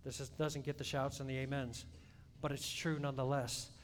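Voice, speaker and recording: A man preaching a sermon in a church, swinging between loud emphatic peaks and soft hushed asides. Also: level tone, moderate pace. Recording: long hall reverb, faint rumble.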